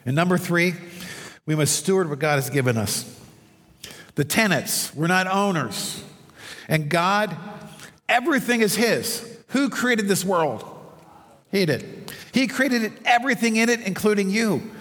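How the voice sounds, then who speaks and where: A man's voice: high voice, expressive, a little slow, pauses often, fairly bright tone. A male pastor preaching a conversational sermon in a church, telling stories and asides to the congregation. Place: church sanctuary under stage lights. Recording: long hall reverb.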